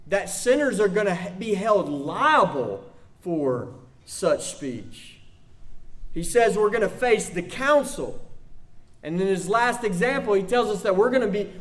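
A man preaching a sermon in an earnest way, building to emphatic peaks. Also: high voice. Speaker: pastor.

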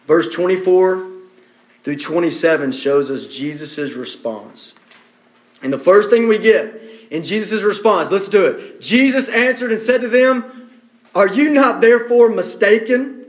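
Guy preaching a sermon, pretty high voice, punchy and repeats stuff for emphasis. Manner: emphatic, repeats key phrases for stress.

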